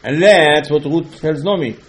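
A man teaching a religious lesson in slightly non-native English, emphatic and repetitive, with sharp swings between loud and quiet. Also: fairly high pitch, normal speed. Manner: emphatic, repeats key points, swings between loud and soft. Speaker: rabbi giving a Torah lesson. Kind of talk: religious lecture.

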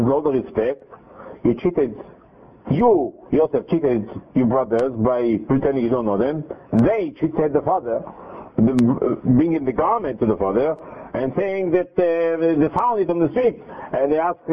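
A man's voice: medium pitch, moderate pace, breathy edge. Man retelling a Torah story over phone. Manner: animated retelling with quoted dialogue and restarts. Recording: tinny phone-line audio.

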